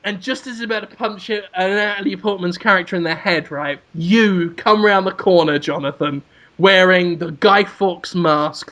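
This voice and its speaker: A man's voice: high voice, pushed and bright. A man, co-hosting a comedy podcast and spinning a rambling, crude, absurd story. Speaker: podcast co-host.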